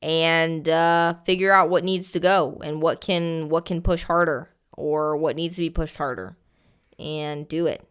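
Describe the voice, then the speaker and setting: A woman co-hosting a casual fitness podcast, talking in quick, excitable bursts, laughing often and swearing casually. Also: low voice, smooth. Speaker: podcast co-host, personal trainer. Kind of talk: casual chat.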